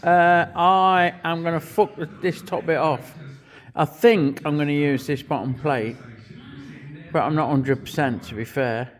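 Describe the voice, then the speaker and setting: A man's voice: on the high side, steady tone, a little slow. A middle-aged man, giving a muttered, swearing running commentary as he works in a cold workshop. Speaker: custom motorcycle builder.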